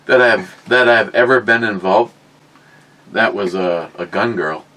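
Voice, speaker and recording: A man's voice: lowish voice, unhurried, bright, forceful tone, poor audio. A middle-aged man telling crude, rambling, self-mocking stories on a casual podcast. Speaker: podcast co-host. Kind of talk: casual storytelling chat.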